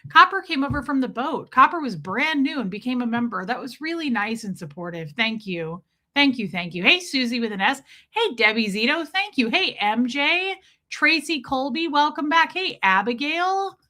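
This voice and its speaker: A middle-aged woman running a solo livestream, greeting her viewers one by one in a loose, affectionate chat. Her voice is bright and a touch high. She teases herself, calls people babe and girl, and drops the odd mild curse. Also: animated, normal speed. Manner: self-deprecating, laughs often, bits of mild swearing. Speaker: livestream host.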